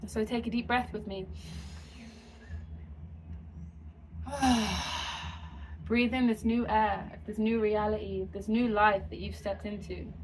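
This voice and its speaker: Woman, spiritual channeler, soothing repeated affirmations, mid-pitched voice, faint background hiss. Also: little pitch movement, poor audio. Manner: slow, soothing, repetitive affirmations.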